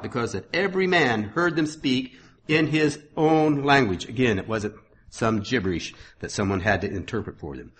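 A man's voice: mid-range voice, lively intonation, moderate pace, slightly rough. A middle-aged man preaching a sermon, reading scripture with rising force and breaking into folksy asides.

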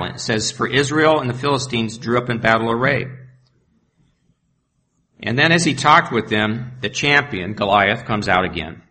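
Man preacher, bright voice, reads scripture and breaks off into casual asides. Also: medium pitch. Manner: reads verses aloud and adds plain asides. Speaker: pastor. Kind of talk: sermon with scripture reading.

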